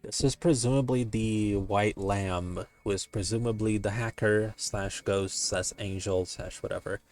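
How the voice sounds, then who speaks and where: Casting: a laid-back male streamer with a low voice, joking commentary, loose and profane. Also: fairly even intonation, measured pace, a little mellow, faint music behind. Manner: joking, loose, swears casually. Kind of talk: casual stream commentary while reading game text.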